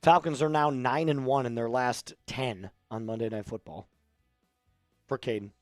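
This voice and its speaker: A man's voice: mid-range voice, moderate pace, dry recording, clean studio sound, faint music behind. A man hosting a casual live stream, joking around and reading out viewer messages. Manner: joking, reads out viewer chat. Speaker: livestream host.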